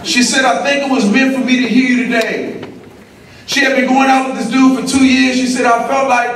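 A middle-aged man from California giving an energetic, slangy motivational speech at a school assembly, calling back and forth with the audience. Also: very high voice, fairly quick. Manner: energetic, slangy, call-and-response with the crowd. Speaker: motivational speaker. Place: large echoey school auditorium. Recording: very echoey hall, distant mic, noisy.

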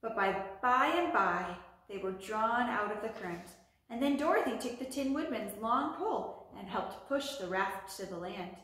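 A woman reading a children's book aloud at a library storytime, with gentle, steady narration. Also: medium pitch, normal speed. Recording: echoey room.

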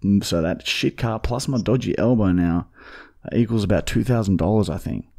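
A man making a prank phone call, rambling deadpan with constant fillers. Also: lowish voice, moderate pace, gravelly. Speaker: prank caller.

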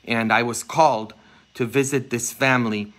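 A man preaching a homily as a Catholic priest, impassioned, dropping to a hush and rising loud as he acts out voices in his stories. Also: mid-range voice, steady tone, normal speed. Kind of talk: sermon.

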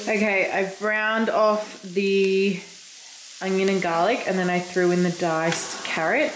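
A young woman with an Australian accent, vlogging casually, animated and swearing freely with lots of "like" fillers. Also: mid-range voice, slow, soft background music. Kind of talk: casual vlog storytelling.

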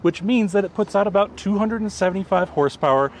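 A man with a fairly high voice explains car specs in a relaxed, easygoing way. He is recorded outdoors, with faint street noise behind him. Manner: easygoing, explanatory, quick to agree. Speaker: co-host presenting cars. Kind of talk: casual car review chat.

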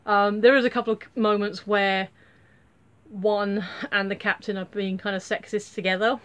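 A woman's voice: medium pitch, steady tone, normal speed. Chatty woman rambling through a review. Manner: chatty, rambling with many fillers and restarts. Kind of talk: casual spoken review.

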